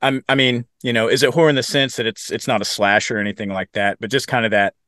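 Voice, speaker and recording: Relaxed man, mid-pitched and dry. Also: fast, no echo. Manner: relaxed, swears casually, retells scenes. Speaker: podcast co-host. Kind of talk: casual film discussion.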